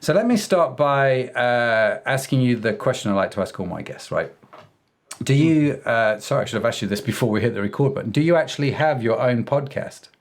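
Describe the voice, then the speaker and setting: A male podcast host chatting casually with a guest, upbeat and quick to affirm. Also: medium pitch, lively intonation. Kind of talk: casual interview chat.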